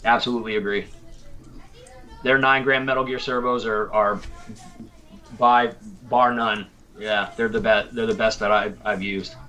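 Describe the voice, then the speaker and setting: A man's voice: fairly low pitch, steady tone, measured pace, pauses often, bright, forceful tone. A man from Tennessee hosting a casual livestream show, talking in an easygoing way, full of fillers and repeated words. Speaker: podcast host.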